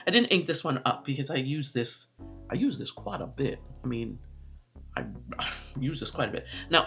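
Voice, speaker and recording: A woman's voice: low voice, fairly bright tone. A woman talking casually to camera about her pens and inks, chatty and rambling, often correcting herself. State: out of breath. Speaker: pen and ink vlogger.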